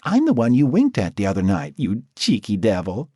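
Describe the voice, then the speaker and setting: A man's voice: on the low side, wildly swooping pitch, normal speed, dark tone, slightly rough, dry recording, clean studio sound, full character voice. A man voicing an effeminate, flirtatious male caller with a slight lisp in an audiobook. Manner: coy, teasing. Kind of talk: audiobook character voice.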